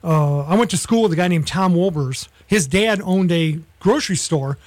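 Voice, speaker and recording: A man's voice: high voice, expressive, moderate pace, no echo. A middle-aged man hosting a local morning radio show, chatting casually and nostalgically with many restarts. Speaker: radio host.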